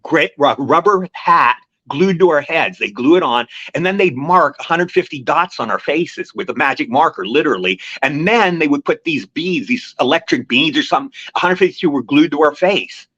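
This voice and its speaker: A man's voice: a little high, lively intonation, moderate pace, few pauses, bright, forceful tone, no echo. An older man, an actor guest on an interview show, telling long rambling anecdotes in casual chat. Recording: dry, slightly muffled lo-fi recording.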